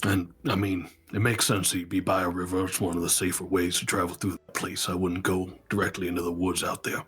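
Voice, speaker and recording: A very deep, husky male voice that lays down firm warnings, speaking as a player in a tabletop game. Faint music plays underneath him. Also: level tone, a little fast, a bit bright. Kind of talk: in-character talk in a tabletop game.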